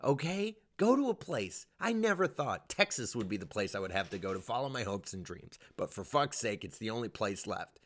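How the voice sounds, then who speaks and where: A young male comedian ranting in a casual vlog, swearing often and jumping to loud, high peaks. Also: big pitch swings, moderate pace, hardly any pauses. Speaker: stand-up comedian.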